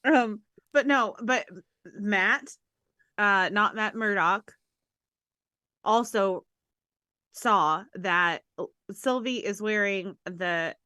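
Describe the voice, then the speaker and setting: Bright-voiced woman rambling on a podcast. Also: medium pitch, no room sound, studio quality. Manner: giggly, rambling, quick asides. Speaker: podcast co-host. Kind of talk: casual podcast chat.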